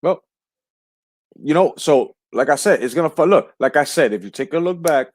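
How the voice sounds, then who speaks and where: A man's voice: fairly high pitch, expressive, normal speed, dry recording. A man hosting a casual boxing livestream, talking in a heated, profane way and often repeating himself. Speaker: livestream host.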